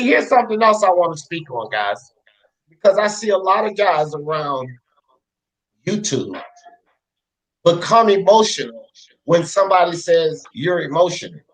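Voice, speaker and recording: A man's voice: high-pitched, a bit bright, rough recording. A man hosting a live boxing talk panel, ranting heatedly and profanely, repeating his points for emphasis. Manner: fired up, repetitive, profane. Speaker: host of a boxing talk show.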